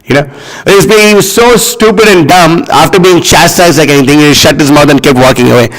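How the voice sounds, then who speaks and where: A man delivers a scripture class in a mocking, animated tone, stringing his points together with "you know". His voice sits a little high for a man. The words trail off into the long reverb of a large hall. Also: a little fast. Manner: scornful, animated, heavy on "you know" fillers. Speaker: preacher.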